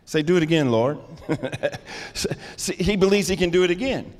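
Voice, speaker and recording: Preacher with long church reverb. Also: male voice, high-pitched, lively intonation, normal speed. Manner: call-and-response preaching, rising to loud emphatic bursts. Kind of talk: sermon. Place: church sanctuary.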